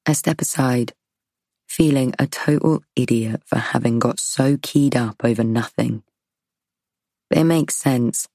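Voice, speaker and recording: A woman's voice: rumbling low, measured pace, mellow, no echo, studio quality. A woman reading a first-person story, her inner monologue tense and wry. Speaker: audiobook narrator. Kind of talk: first-person scripted narration.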